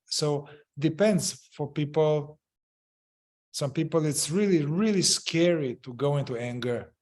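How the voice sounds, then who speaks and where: A man leading a group, explaining a therapy method, halting and searching for words, often repeating phrases. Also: a little high, darkish tone. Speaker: group facilitator.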